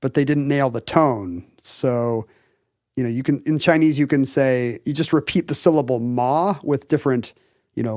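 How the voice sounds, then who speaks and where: A man's voice: on the high side, moderate pace, darkish tone, no echo, clean studio sound. A man co-hosting a podcast, explaining things in casual chat with lots of fillers and restarts. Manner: enthusiastic explainer, hedges with fillers. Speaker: podcast co-host.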